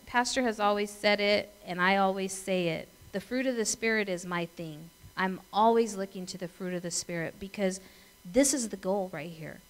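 A woman's voice: mid-range voice, poor audio. Middle-aged female pastor, conversational sermon, storytelling, acts out voices. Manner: chatty storytelling, asks the congregation questions; acts out voices and laughs in her stories.

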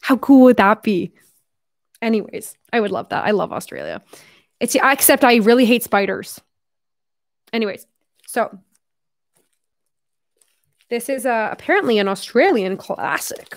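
A woman's voice: mid-range voice, dry recording. Chatty young Canadian woman vlogging. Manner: chatty, rambling, heavy use of fillers and "like". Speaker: YouTuber opening fan mail. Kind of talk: casual vlog chat.

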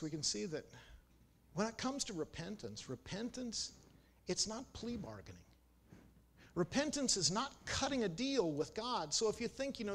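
A male preacher delivers a sermon in a higher-pitched, very lively voice, swinging freely between loud emphasis and quiet asides. A faint hiss of noise sits under the church recording. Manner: storytelling, dramatic swings in pitch and volume.

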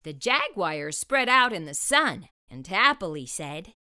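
A woman narrating a rhyming children's picture book at a slow, careful pace, her voice bright and full of lift. The sound is close and dry, with no room around it. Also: on the low side, sing-song, clear, resonant tone, dry recording. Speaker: storyteller. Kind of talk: children's storybook read-aloud.

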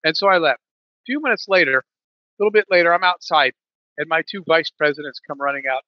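A man's voice: on the high side, a little fast, no room sound, dull audio. A man in a podcast interview, telling a business story with many restarts and fillers. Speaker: podcast guest, business leader.

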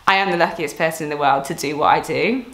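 A woman's voice: sits low, fast, a bit bright, echoey room. A young woman, a fitness coach, talking candidly to her camera in an earnest, reflective, rambling way.

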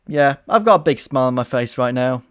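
A man doing sarcastic, profane, excitable commentary while playing a video game, recorded into a desk microphone. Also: mid-range voice, a little fast, smooth. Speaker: let's play commentator.

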